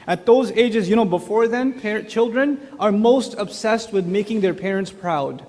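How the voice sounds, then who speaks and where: A man's voice: high-pitched, moderate pace, darkish tone, in a large hall. A man giving a religious talk on parenting, chatty, asking the audience questions. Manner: conversational, with rhetorical questions to the audience. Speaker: speaker on parenting.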